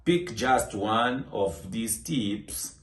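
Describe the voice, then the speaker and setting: A man giving an English lesson in a very slow, deliberate voice, pitched a little low. He sounds scripted and spaces his phrases out carefully. The room around him is echoey. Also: lively intonation. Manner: slow, deliberate delivery with clear example phrases. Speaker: English teacher.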